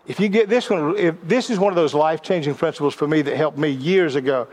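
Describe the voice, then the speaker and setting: A middle-aged man with a notably high voice delivers a sermon-style lesson on leadership. He tells personal stories and often stumbles over words, repeating them as he restarts. His teaching has a narrative flow. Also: fairly quick, darkish tone.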